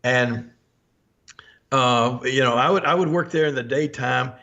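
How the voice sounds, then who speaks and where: An older man hosts a podcast in storytelling-chat mode, rambling, laughing often, and acting out old quotes. His medium-pitched voice is a little slow, creaky and sharp in tone, captured on slightly dull lo-fi audio.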